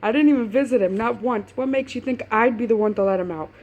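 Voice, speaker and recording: Ein gereizter junger Mann, gerade entführt, von einer Frau vorgelesen, laut und schnippisch. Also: female voice, a little high, fast talker, close to an everyday voice. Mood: aggravated. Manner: loud, snappish. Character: aggravated young man who was kidnapped.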